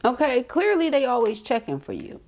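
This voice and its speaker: A middle-aged woman giving a casual, slangy tarot reading to camera, chatty and quick to laugh. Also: sits high, huge pitch swings, darkish tone. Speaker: tarot reader.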